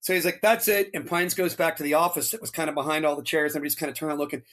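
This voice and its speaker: Man, 50s, higher-pitched, loose talker, animated storyteller. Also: rapid-fire. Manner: rambling, filler-heavy, animated when quoting others. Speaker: interview guest, retired fire lieutenant. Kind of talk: casual storytelling.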